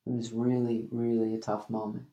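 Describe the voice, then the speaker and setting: A man hosting a solo podcast, talking earnestly and reflectively, often halting and restarting his sentences. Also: medium pitch, completely flat delivery, mellow, reverberant. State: emotional at times. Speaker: podcast host.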